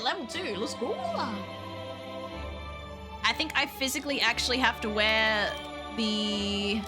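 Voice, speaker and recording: A young woman streaming a game, chatting excitedly and swearing freely as she talks to her viewers and the game. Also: on the high side, unhurried, pauses often, over music. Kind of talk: casual live-stream chat while gaming.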